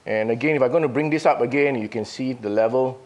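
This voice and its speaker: A man's voice: mid-range voice, quick pace, heavy background noise. A man running a live audio product demo. He thinks aloud, restarting his sentences as he works.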